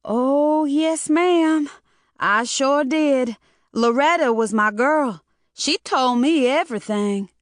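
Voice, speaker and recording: Woman playing a frightened young girl, squeaky high voice, trembling, hesitant, slangy. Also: slow, no echo, clean studio sound. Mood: chatty. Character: scared young woman just out of school.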